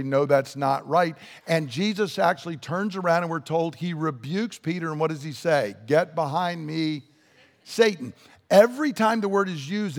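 A man's voice: on the high side, long reverb tail. A man preaching a sermon, blunt and emphatic as he explains scripture and voices its dialogue. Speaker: pastor.

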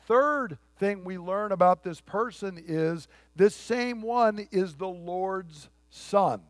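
A male pastor delivering a sermon in a high-pitched voice. He preaches emphatically, building to forceful peaks and then dropping low and quiet, acting out the quoted lines. The sound is dry and close. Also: slow pace, dry recording.

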